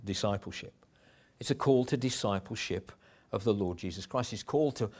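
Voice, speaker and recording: A middle-aged man preaching a sermon in a conversational way, with chuckles and restarts. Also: fairly low pitch.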